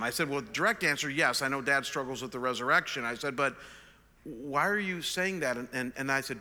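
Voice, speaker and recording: A man in his sixties, a pastor, telling an animated, self-deprecating story in a sermon. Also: medium pitch, moderate pace. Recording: long reverb of a large hall.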